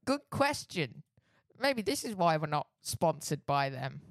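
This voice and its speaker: A man's voice: on the high side, very animated, moderate pace, no room sound. A man, co-hosting a casual podcast, with a dry and laid-back delivery. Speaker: podcast co-host.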